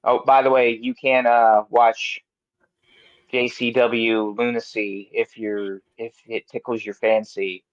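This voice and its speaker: A man's voice: medium pitch, little pitch movement, slow pace, no room sound, dull audio. A man hosting a wrestling podcast in a studio, talking bluntly and mockingly with plenty of swearing. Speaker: podcast host. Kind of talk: casual chat.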